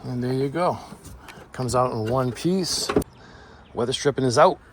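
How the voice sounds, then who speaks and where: A man with a thick Boston accent talks through a do-it-yourself repair in a loose, conversational way. He cracks jokes as he works, and his voice sits at an ordinary middle pitch. A faint hiss runs behind him. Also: measured pace. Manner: chatty, joking asides. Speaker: DIY tutorial host. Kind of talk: casual how-to walkthrough.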